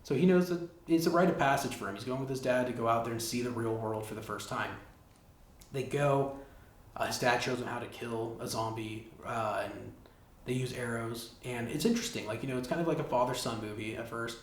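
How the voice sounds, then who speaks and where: A man's voice: medium pitch, brisk. A man hosting a casual solo podcast, retelling a film plot in a rambling way, full of "like" and swearing. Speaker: podcast host. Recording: roomy backup recording with faint hiss.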